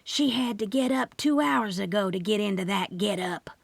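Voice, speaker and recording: A woman narrator voicing a sharp-tongued older Southern aunt who teases bluntly, read in a dry studio. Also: medium pitch, expressive, moderate pace, creaky, breathy edge, no room sound. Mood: sassy. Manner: teasing, blunt.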